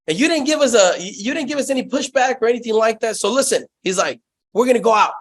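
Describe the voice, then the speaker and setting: A man's voice: extremely high pitch, lively intonation, fast talker, fairly bright tone. A young man telling sales stories in a casual interview, profane and hyped, saying "bro" constantly. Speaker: guest, sales company founder.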